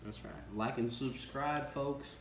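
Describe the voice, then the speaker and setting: A man's voice: medium pitch, unhurried, a bit bright, faint music behind. A man co-hosting a casual cooking show, folksy and chuckling, enthusiastic about the food, in an echoey room with background noise. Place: workshop.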